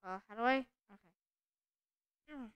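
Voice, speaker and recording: A young woman chatting to herself in excitable let's play commentary, gasping at finds and apologizing to animals. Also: on the high side, normal speed, clean tone, dry recording, lo-fi sound. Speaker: gamer.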